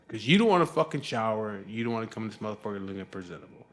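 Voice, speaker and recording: Profane, rambling man with a lowish voice. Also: animated, racing, hardly any pauses, a bit bright. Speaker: vlogger telling a story. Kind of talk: casual storytelling rant.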